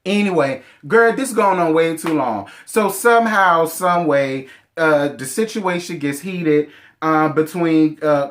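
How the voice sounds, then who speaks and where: Man, sassy, animated, slangy, slightly high voice, casual chat, thirties. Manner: sassy, animated, heavy slang, bursts of laughter. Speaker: reality show reviewer.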